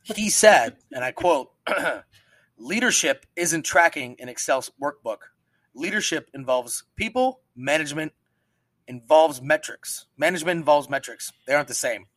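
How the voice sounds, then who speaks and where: A man's voice: on the high side, animated, a little slow, pushed and bright, no room sound. A man co-hosting a podcast in casual chat, swearing freely and telling stories with quoted voices. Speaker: podcast co-host.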